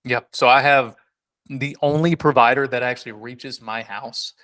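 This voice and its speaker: A man's voice: medium pitch, fairly even intonation, normal speed, a bit bright. A man co-hosting a casual podcast, rambling and joking with many restarts. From South Carolina. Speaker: podcast co-host.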